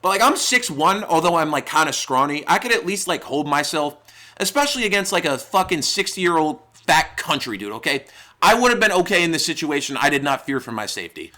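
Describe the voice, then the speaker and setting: A man's voice: fairly high pitch, very animated, fairly quick, sharp tone. A young man from New York narrating a comedic storytime with profane, exaggerated, rambling humor. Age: young adult. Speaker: YouTuber.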